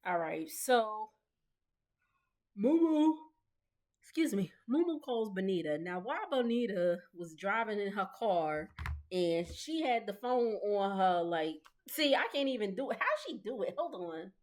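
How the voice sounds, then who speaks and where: A woman's voice: medium pitch, big pitch swings, a little slow, darkish tone. A woman in her thirties chatting casually as she recaps a reality show, gossiping, laughing often and mimicking the people she talks about. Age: 30s. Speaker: recap vlogger.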